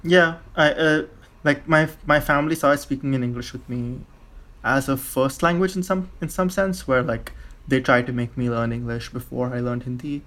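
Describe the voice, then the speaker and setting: A young man from India, a podcast guest, talking in a relaxed, halting way with many likes and restarts. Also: medium pitch. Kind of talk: casual conversation.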